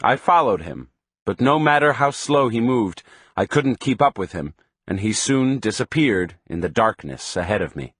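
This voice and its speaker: A man reading an audiobook in scripted narration, measured and even. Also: lowish voice, husky, no echo.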